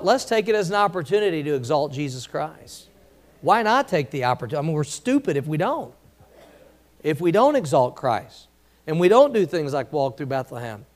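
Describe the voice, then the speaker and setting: A man's voice: fairly high pitch, sing-song, normal speed. A man preaching a sermon in a conversational way, with many restarts and emphatic questions to the congregation. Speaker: pastor.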